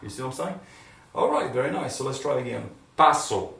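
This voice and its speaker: A man's voice: mid-range voice, sing-song, fast, creaky, sharp tone. A man teaching a Spanish lesson, cheerful and encouraging, drilling verb forms and praising unseen students. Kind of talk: classroom lesson to camera. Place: classroom with whiteboard. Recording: echoey room, mic far off, faint room noise.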